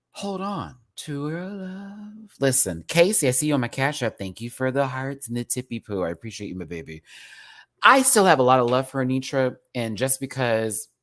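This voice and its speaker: A man from Houston hosting a casual livestream review, talking in an animated, campy and profane way with lots of fillers. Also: on the low side. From Houston, Texas. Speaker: livestream show host.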